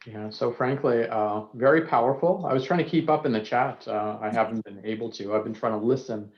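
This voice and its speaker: A man speaks as a psychiatrist on a panel, earnest and candid with the odd self-deprecating aside. His voice sits at an ordinary pitch. It comes through a video call with a muffled, lo-fi sound. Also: fairly quick. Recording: dull lo-fi video call audio.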